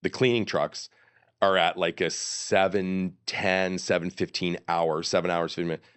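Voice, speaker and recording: Middle-aged male guest, deep voice, animated and rambling storyteller. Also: moderate pace, smooth. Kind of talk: storytelling in an interview.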